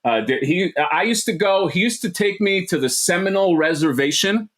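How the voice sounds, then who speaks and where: A man's voice: high-pitched, animated, a little fast, fairly bright tone. A man from Florida co-hosting a podcast, easygoing and loose, swearing casually and stumbling over restarts. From Florida, USA. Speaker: podcast co-host. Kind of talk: casual chat.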